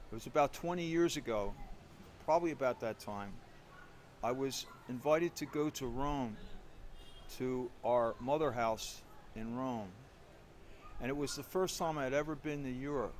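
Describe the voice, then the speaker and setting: A man's voice: mid-range voice, a little hiss or hum. Man giving a conversational homily. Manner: self-deprecating storyteller, conversational with frequent restarts. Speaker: priest. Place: church.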